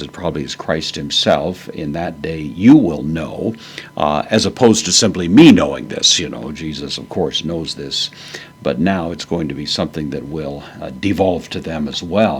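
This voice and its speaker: Male Bible teacher with a very deep voice, measured and halting, over a faint hum. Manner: measured and halting, frequent pauses to find words. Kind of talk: verse-by-verse Greek lesson.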